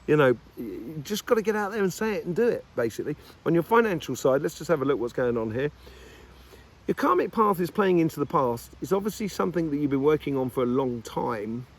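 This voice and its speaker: A man's voice: on the high side, very animated, brisk. A man giving a casual weekly tarot reading, upbeat and encouraging, rambling along with lots of fillers. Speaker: tarot reader.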